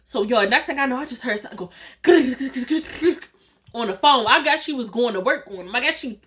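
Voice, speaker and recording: A woman vlogger telling a storytime tale in a lively way, often acting out what people said and laughing. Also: a little high, moderate pace, slight background noise. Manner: animated, quotes dialogue, laughs often. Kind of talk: storytime vlog.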